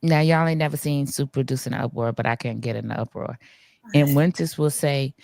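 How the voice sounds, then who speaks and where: A woman's voice: extremely low pitch, fairly quick, creaky, a little mellow, dry recording, clean studio sound. A woman co-hosting a casual livestream chat, telling candid personal stories and laughing often. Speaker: co-host and producer.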